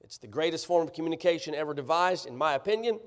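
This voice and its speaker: A man preaching a sermon, sarcastic and animated, often checking that the congregation follows him. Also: fairly high pitch, fast talker. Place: church sanctuary. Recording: church livestream, long hall reverb.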